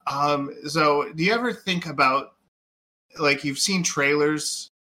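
A man's voice: fairly high pitch, slow pace, pushed and bright. Rambling man chatting about movies. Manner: rambling, full of "like" and "um". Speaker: podcast co-host. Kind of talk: casual movie chat.

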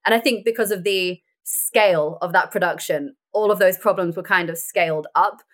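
Chatty, laughing actress. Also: female voice, lowish voice, normal speed. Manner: chatty, laughs often, animated storytelling. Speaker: actress and podcast guest. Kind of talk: casual chat.

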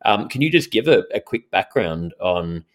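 A man's voice: fairly low pitch, sing-song, normal speed. A man hosting an interview show, agreeable and a bit hesitant, with many fillers. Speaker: podcast host. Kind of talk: casual conversational interview.

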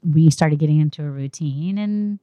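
Animated young woman, dry close sound. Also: deep voice, normal speed, no echo, lo-fi sound. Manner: animated storytelling, laughing, acting out quotes. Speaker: podcast guest, new mother. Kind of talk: casual interview chat.

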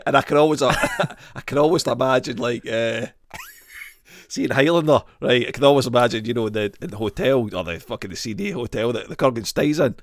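A man's voice: mid-range voice, animated, brisk, a little hiss or hum. A man hosting a podcast, rambling and swearing through laughing banter with his friends. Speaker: podcast host. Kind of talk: casual chat.

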